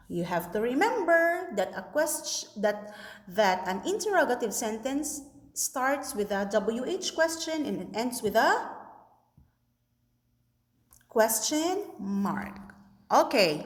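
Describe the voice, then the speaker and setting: A woman teacher giving a recorded class lesson to young learners, slowly explaining and checking that they understand. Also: a little high. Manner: slow, sing-song teacher talk with many checks for understanding. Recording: echoey room with long reverb.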